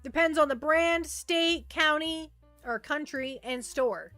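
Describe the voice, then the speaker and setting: A woman's voice: high voice, slow, pushed and bright, no room sound, faint music behind. A woman streaming as a VTuber, chatting casually with her viewers and reading the chat aloud, often trailing off and restarting.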